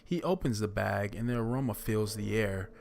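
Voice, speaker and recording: A man casually reading a first-person horror story, relaxed and profane in a conversational way. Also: fairly low pitch, normal speed, vocal fry, a little hiss or hum.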